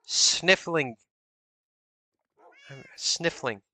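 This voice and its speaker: Drawing out his words, a man with a slightly high, very bright voice streams himself building in a game, muttering block counts and reading chat. He ribs viewers with playful mock suspicion, his voice close and dry on the mic.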